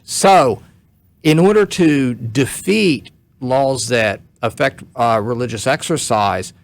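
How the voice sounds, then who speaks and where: A man's voice: medium pitch, gravelly, no echo. A man who is a guest commentator, explaining law step by step on a talk radio show, short on sleep. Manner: measured, explains step by step, some restarts.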